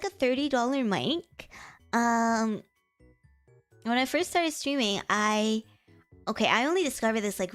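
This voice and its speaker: A young woman streamer chatting casually and tiredly, laughing often, moving between a higher voice and a lower natural voice. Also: fairly bright tone. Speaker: VTuber streamer.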